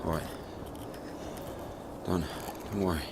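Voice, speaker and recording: An actor playing a weary, grim male prisoner in a video game, speaking in a slow mutter. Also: low voice, steady tone, noisy background.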